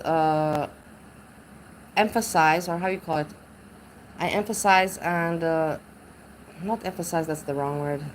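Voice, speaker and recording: Drunk and reading her chat aloud, this low-voiced female streamer keeps the talk casual but rambling, groping for words and frequently starting over. The recording is rough, with a little background noise.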